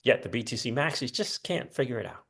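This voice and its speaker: A man hosting a casual commentary channel, reading news posts aloud and breaking in with quick offhand asides. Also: mid-range voice, animated, gravelly, fairly bright tone. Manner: chatty, reads quotes aloud with asides. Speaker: crypto channel host.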